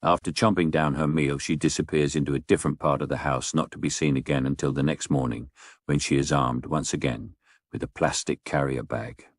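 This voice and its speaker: A middle-aged man, telling a comic story in a dry, wry, deadpan way with mock-indignant asides. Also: extremely low pitch, a little fast, no echo. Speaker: narrator.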